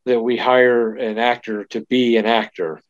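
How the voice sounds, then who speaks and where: A man's voice: mid-range voice, little pitch movement, a little slow, dry recording. A man co-hosting a casual chat, rambling with lots of fillers and restarts. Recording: dull lo-fi dry sound.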